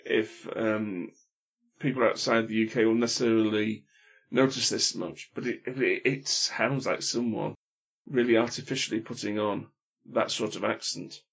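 A man gives his opinions in a relaxed film chat, often tripping over his words and restarting. His voice is husky, and the recording sounds dull and lo-fi. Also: on the low side, moderate pace. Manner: hesitant, many restarts, opinionated. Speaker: film podcast panelist. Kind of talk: casual chat.

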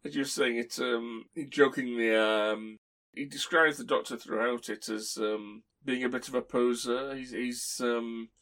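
A man's voice: mid-range voice, fairly even intonation, unhurried, fairly bright tone. A man hosting a podcast, telling stories in a rambling way and chuckling as he talks. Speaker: podcast host. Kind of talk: casual chat.

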